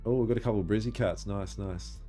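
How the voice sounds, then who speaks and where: A man's voice: fairly low pitch, fast talker, mellow, faint music behind. A young man, chatting casually and swearing while he trades live on stream. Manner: laid-back, swears casually, reacts and laughs at clips. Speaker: livestream trading host. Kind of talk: casual livestream chat.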